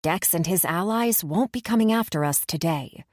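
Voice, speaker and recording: A woman narrating a first-person fantasy audiobook in a measured, expressive way. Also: on the low side, dry recording, clean studio sound.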